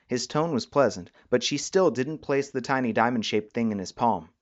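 A man narrating a story in an even, measured reading. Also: medium pitch, no echo, highs cut off.

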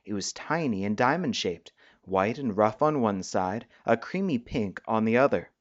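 Measured male storybook narrator. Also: lowish voice, animated, dry recording, muffled recording.

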